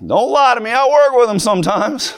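Fervent high-voiced preacher. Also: male voice, lively intonation, brisk. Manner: fervent preaching that builds to shouting. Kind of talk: sermon.

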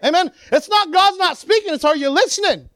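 A preacher giving an animated sermon, acting out the people in the story and swinging between loud and quiet. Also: extremely high pitch, fairly quick, no echo. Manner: animated, acts out the people it quotes.

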